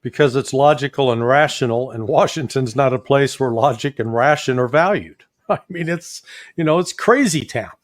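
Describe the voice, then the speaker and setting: A man's voice: medium pitch, normal speed, no echo, studio quality. A man with a Midwestern American accent, a guest commentator with a folksy, sardonic manner and frequent chuckles.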